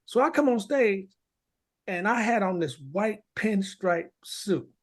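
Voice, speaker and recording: A man on a podcast spins a story with big swings in pitch, jumping up and down as he acts out the people in it. The talk is loose and casual, and he keeps it animated. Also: slow pace. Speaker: podcast co-host.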